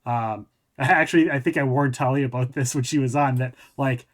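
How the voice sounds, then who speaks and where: A man's voice: medium pitch, fairly even intonation, normal speed. A man hosting a podcast, chatting casually and often restarting his sentences as he thinks aloud. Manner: rambling, self-correcting talk. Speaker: podcast host.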